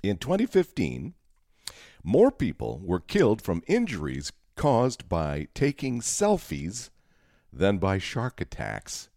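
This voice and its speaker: A man's voice: fairly low pitch, huge pitch swings, slow, warm tone, dry recording, clean studio sound. A man co-hosting a casual podcast, joking and laughing often with his co-host. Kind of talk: casual chat.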